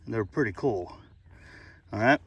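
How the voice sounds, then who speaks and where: A man's voice: on the low side, animated, moderate pace, slightly rough, muffled recording. A middle-aged man hosting a casual nature vlog outdoors by a pond, talking in a folksy, rambling way. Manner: folksy, chatty, rambling with fillers. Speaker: channel host.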